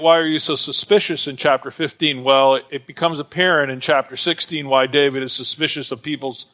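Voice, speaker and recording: A man's voice: medium pitch, fairly bright tone. A man teaching an informal Bible lesson in a conversational, digressive way with many fillers.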